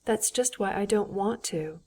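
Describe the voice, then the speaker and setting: A woman voicing an agitated young aristocratic wife who speaks in an excited, hurried, insistent way, in an audiobook. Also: mid-range voice, husky.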